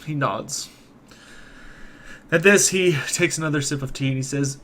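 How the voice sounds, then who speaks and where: A man's voice: a little high, unhurried, pauses often, a bit bright. A man narrating a tabletop game as game master, plainly describing the characters' actions.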